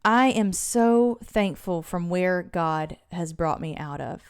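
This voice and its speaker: A woman giving a casual Christian devotional talk to camera, earnest and chatty, drifting into side notes with quick laughs. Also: fairly low pitch, animated, clean tone. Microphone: own microphone.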